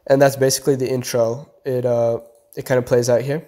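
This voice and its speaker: A man's voice: mid-range voice, level tone, brisk, warm tone, slight background noise. A young man walking through how he builds a beat, talking casually step by step with lots of "kinda" and "like". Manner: laid-back, explains step by step with fillers like "kinda" and "like". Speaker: beat producer teaching a tutorial. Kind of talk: casual tutorial voice-over. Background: beat playing faintly under the voice.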